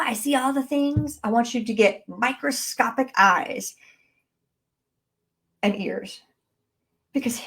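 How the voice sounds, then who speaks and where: A woman coaching viewers in an emphatic, rallying live talk, speaking straight to her audience through a low-quality mic. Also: a bit bright. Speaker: mindset and business coach. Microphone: low-quality built-in mic.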